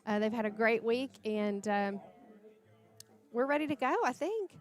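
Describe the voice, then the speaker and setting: High-voiced woman announcing a game. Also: a little slow, soft background music. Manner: chatty, reading out name lists. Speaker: broadcast announcer. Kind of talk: livestream sports announcing.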